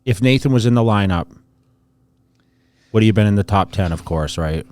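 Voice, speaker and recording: A man with a fairly low voice hosts a casual podcast chat. He moves the talk along by putting questions to his co-hosts. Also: moderate pace, a little mellow. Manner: leads with questions. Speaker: podcast host.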